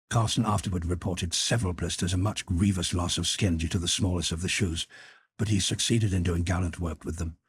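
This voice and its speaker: A male audiobook narrator with a very deep, strongly husky voice. He reads in a measured, even way, close to the mic in a dry, dead room. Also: dry recording.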